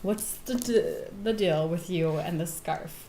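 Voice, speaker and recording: A woman's voice: lowish voice, unhurried. A woman playing a tabletop role-playing game, curious and eager, asking lots of questions. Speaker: player. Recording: echoey room with clear noise.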